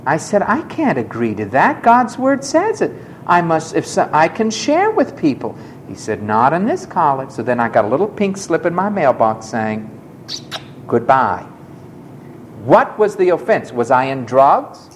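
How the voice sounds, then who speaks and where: A male preacher delivering a sermon in an emphatic, dramatic way, acting out the voices of the people in his story. His pitch swings widely from phrase to phrase, with a mid-range voice overall. A faint hiss sits under the recording. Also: big pitch swings, a little slow. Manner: emphatic, dramatic, acts out quoted speakers.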